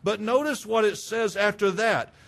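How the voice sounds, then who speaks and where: A man preaching a sermon, fervent and emphatic, breaking into loud bursts. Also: sits high, moderate pace, creaky.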